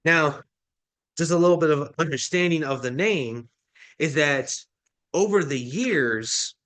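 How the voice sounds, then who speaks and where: A man's voice: on the high side, expressive, a little slow, a bit bright. A male pastor delivering a sermon, explaining a Bible passage in a teaching manner with frequent restarts.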